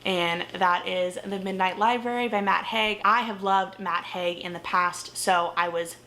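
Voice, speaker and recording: Young woman book vlogger, bright voice, lots of fry, animated and ranty. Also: mid-range voice, unhurried. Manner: animated, exasperated ranting with frequent laughs and swearing. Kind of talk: casual book review monologue.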